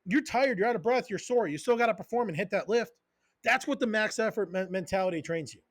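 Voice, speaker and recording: Fired-up, cursing high-voiced man. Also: lively intonation, fast talker, dry recording, studio quality. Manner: profane, fired-up, goes on tangents; emphatic repeated short phrases. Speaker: podcast host and strength coach. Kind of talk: casual podcast rant.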